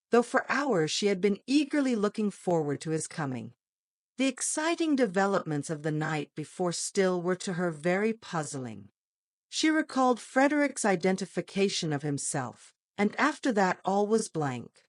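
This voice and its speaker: A woman narrating an audiobook with a lively, expressive reading. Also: lowish voice, dry recording, studio quality. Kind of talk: scripted narration.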